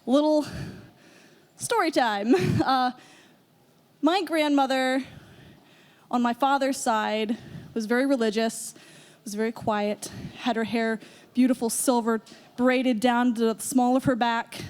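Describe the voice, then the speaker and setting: A young woman telling a personal story on stage at a live storytelling event, chatty and lively, slipping into voices for her relatives. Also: on the high side, takes it slowly, pauses often.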